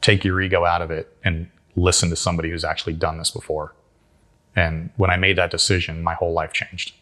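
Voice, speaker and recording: Male interview guest, deep-voiced, tells stories with energy and folksy grammar. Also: a little fast. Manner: animated storyteller acting out quotes. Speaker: guest entrepreneur. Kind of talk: storytelling interview.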